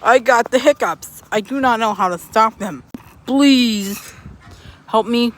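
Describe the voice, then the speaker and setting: A woman's voice: on the high side, slow pace. A woman voicing a fretful male cat with hiccups in a homemade toy play, worried and pleading.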